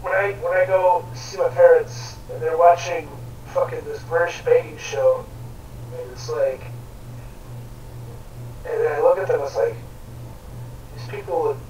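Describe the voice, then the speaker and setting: A man's voice: fairly high pitch, unhurried, long pauses, a little mellow, muffled recording. A man chatting casually while playing a game, swearing and rambling in long rants. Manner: crude, swearing, rambling ranting. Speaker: gamer. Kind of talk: casual gaming chat. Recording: echoey room, distant mic, faint noise.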